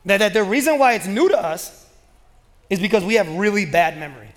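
High-voiced pastor in an echoing hall. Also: male voice, lively intonation, brisk. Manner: casual, joking, conversational preaching. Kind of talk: sermon. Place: church sanctuary. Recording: long reverb of a large hall.

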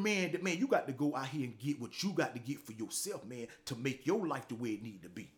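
A middle-aged man, hosting a motivational talk show, delivering a blunt, profane, preachy monologue that keeps tagging lines with "man". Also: high-pitched.

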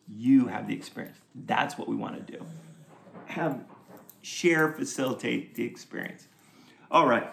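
Pastor, male, slight fry in the voice, chatty teaching sermon with light humor. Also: mid-range voice. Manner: conversational and joking, with frequent laughs and asides.

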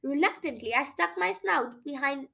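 A woman reading a children's chapter book aloud in an expressive, playful storytelling voice. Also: high-pitched, moderate pace, gravelly. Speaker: storybook narrator.

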